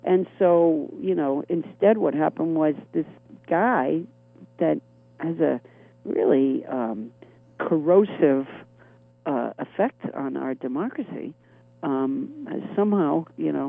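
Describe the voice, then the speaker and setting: Woman, middle-aged, deep gravelly voice, chronic cough, wry rambling comic, phone line sound. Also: slow pace, no echo. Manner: wry, rambling, self-deprecating. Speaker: comedian guest. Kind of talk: phone interview chat.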